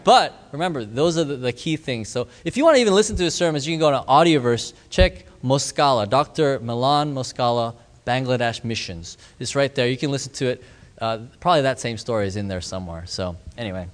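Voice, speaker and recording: A man telling a mission story in an animated, excitable way, laughing and acting out the people he quotes. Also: mid-range voice, fairly quick. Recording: reverberant hall.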